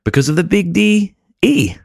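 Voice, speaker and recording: A man's voice: high-pitched, big pitch swings, moderate pace, vocal fry, breathy edge, no room sound, studio quality. A man co-hosting a podcast, wry and rambling, with mock-grand phrasing. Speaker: podcast co-host. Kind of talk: casual comedic podcast banter.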